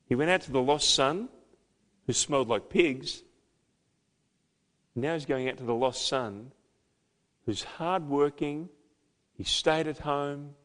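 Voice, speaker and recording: A man preaching a sermon as pastor, emphatic, with loud, dramatic peaks. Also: on the high side, slow, pauses often. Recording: long hall reverb.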